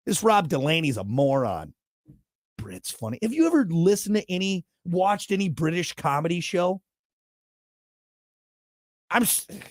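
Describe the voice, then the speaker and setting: Talk host, slightly high voice, blunt and ranty, dry close sound. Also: male voice, no room sound. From United States. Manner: blunt, worked-up ranting with jokey asides. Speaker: show host. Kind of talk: talk show monologue.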